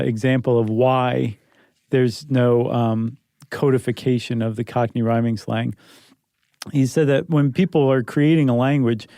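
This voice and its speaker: A man's voice: mid-range voice, mellow, no echo, studio quality. Joking American man co-hosting a podcast. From United States. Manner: playful, jokey, laughs often. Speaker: podcast co-host. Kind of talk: casual chat.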